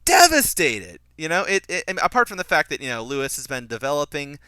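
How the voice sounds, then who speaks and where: A man's voice: fairly high pitch, quick pace, clean tone, no room sound. Critical young man giving film commentary. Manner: critical, animated, frequent filler restarts. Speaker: podcast host reviewing a film.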